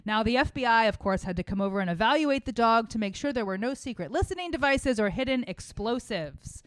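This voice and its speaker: A woman's voice: a little high, lively intonation, fairly quick, no room sound. A woman co-hosting a comedy podcast, telling a history story in a playful, quiz-like way. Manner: playful, quiz-show style. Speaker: podcast co-host. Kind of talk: casual comedic chat, storytelling.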